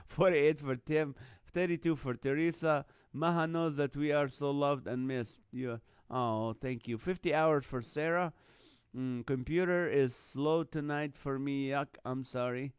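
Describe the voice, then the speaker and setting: A man's voice: a little high, a little slow, smooth, no echo, clean studio sound. Chuckling man hosting a live stream. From Middle East. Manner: jokey, laughs often, chuckling while reading names and numbers. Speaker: host of a live online show. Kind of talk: casual live-stream chat reading viewer comments.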